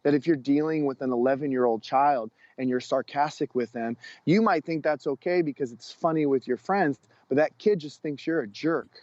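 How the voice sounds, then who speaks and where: A man speaking as a guest coach educator on a podcast, telling stories in an earnest, expressive way. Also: a little high, moderate pace, hardly any pauses, dry recording. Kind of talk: storytelling interview talk. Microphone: podcast microphone. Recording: dull lo-fi sound.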